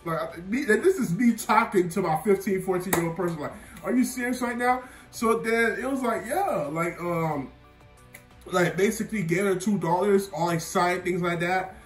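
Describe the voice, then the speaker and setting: Young male vlogger with a high voice, rambling and self-mocking, recorded in an echoey room away from the mic with faint music. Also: normal speed. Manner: rambling, filler-heavy, laughing at himself. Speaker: vlogger telling a personal story. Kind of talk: casual storytime monologue. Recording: roomy sound, mic at a distance, faint music.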